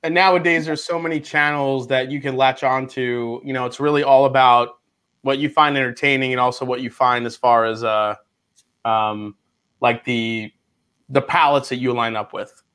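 A man hosting a whiskey livestream, upbeat and lively as he runs the show and a giveaway. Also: medium pitch, normal speed, clean tone. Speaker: livestream host. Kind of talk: casual livestream chat.

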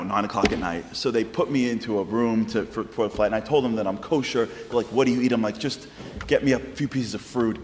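A man with a New York accent telling a lively comic story in a public lecture. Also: mid-range voice, reverberant, long reverb tail, background noise. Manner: animated, comic storytelling with acted-out quotes. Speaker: public speaker. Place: large congregation hall with audience.

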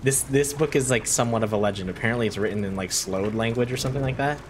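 A man streaming a game, rambling and reacting loudly to surprises in casual commentary. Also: mid-range voice, fast talker, background noise. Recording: game music behind voice.

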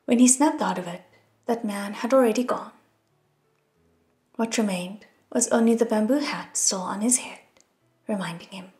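A woman narrating an audiobook in an expressive, soft reading style. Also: mid-range voice, normal speed, pauses often. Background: soft music.

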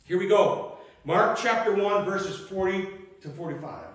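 Man, pastor, sermon, high bright voice, dramatic storytelling, very echoey church. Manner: storytelling, dramatic retelling with emphatic pauses. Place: church sanctuary.

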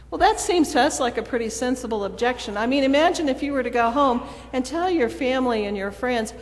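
A woman preacher with a fairly high voice delivers a sermon as a story at normal speed, acting out the quoted dialogue. She speaks in a church sanctuary, and the recording has a long church reverb.

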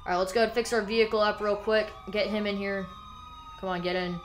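A woman's voice: medium pitch, brisk, slight background noise. Woman narrating police role-play gameplay. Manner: relaxed chatty narration that breaks into barked police commands. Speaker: gameplay host role-playing a police officer.

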